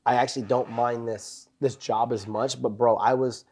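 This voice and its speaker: A young man swaps stories in a loose, profane, rambling way, peppering every line with "bro" and "dude". His voice sits in an ordinary middle pitch, and the talk is relaxed and unscripted. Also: normal speed, slightly rough. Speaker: podcast host, former Marine. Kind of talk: casual chat.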